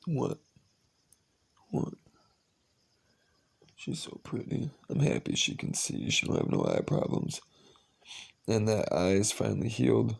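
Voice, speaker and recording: Gravelly man cooing at his kitten. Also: fairly low pitch, huge pitch swings, measured pace, long pauses, a little mellow. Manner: cooing baby talk mixed with casual swearing. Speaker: pet owner. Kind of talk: casual late-night talk to a kitten.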